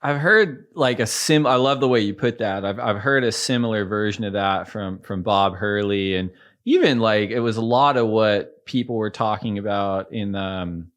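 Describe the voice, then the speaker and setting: A man's voice: fairly low pitch, moderate pace, a bit bright. A man hosting a surf podcast, asking long, thoughtful questions with frequent restarts. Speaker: podcast host. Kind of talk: conversational interviewing.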